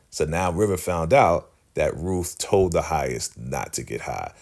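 A man giving a chatty, animated recap of a TV episode. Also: extremely low pitch, a little slow, gravelly, few pauses. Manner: chatty, animated, laughs often. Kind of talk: casual TV recap.

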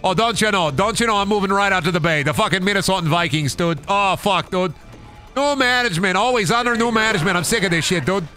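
A man's voice: sits high, a little fast, few pauses, sharp tone, faint music behind, pitched above the performer's own voice. A man voicing a profane, folksy male Minnesotan dock worker who drawls and calls everyone bud. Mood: grumbling.

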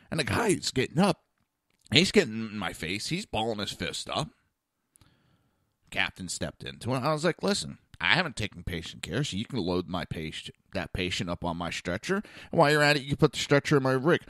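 A man's voice: lowish voice, brisk, dry recording, studio quality. A man hosting a talk show, telling a blunt story in a casual monologue and acting out the other people's voices. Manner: blunt, animated, acts out quoted voices.

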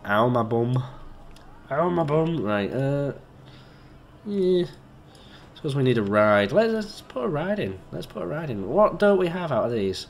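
A man's voice: a little high, very animated, unhurried, gravelly, slight background noise. A man giving let's play commentary, chatty and joking, swearing and talking to himself as he builds. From Britain. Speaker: gamer.

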